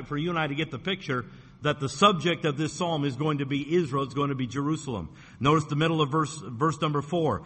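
A man preaching a Wednesday night sermon as pastor, slow and deliberate, stressing points with repetition. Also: on the high side, bright, forceful tone. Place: church sanctuary. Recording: long church hall reverb.

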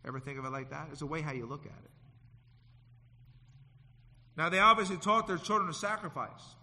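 A man's voice: on the high side, brisk, sharp tone, big-room sound. A middle-aged male pastor preaching a sermon with passion, reading scripture aloud in old-fashioned wording. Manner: impassioned preaching with scripture reading in King James English. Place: church sanctuary.

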